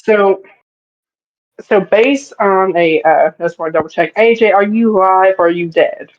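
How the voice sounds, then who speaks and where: A young-sounding moderator running a casual online debate, relaxed and rambling, with slangy asides. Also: medium pitch, a little slow, dull audio.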